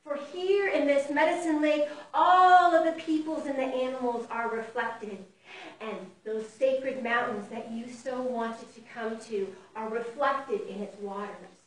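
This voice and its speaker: A woman voicing a gray male wolf in a spoken fable, who cackles and repeats himself before turning calm and solemn. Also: high voice, unhurried. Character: gray male wolf, first crazed then wise. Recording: echoey hall from far off, faint noise.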